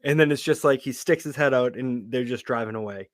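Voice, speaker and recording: Male co-host, mid-pitched, enthusiastic with emphatic drawn-out phrasing; dry mic. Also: no room sound. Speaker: podcast co-host. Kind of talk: casual movie review chat.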